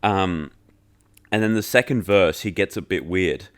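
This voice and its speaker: A man with a very low voice hosts a podcast and reviews an album in relaxed chat. He jokes around, swears freely and fills his sentences with "like". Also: a little slow, clean tone. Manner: loose and joking, heavy filler "like", swears freely. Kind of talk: casual chat.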